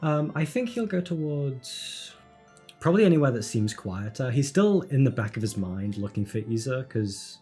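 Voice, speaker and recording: A man's voice: mid-range voice, sing-song, normal speed, dark tone, breathy edge, faint music behind. A man playing in a tabletop game, thoughtful and a little hesitant. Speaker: player. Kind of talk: casual tabletop play.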